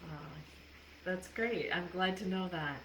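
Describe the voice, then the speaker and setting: Low-voiced woman coach talking casually, swears and laughs a lot, echoey room. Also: slow pace, fairly bright tone, slight background noise. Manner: candid, swears freely, laughs often. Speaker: life coach. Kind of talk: casual livestream talk. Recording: echoey room with faint ambience.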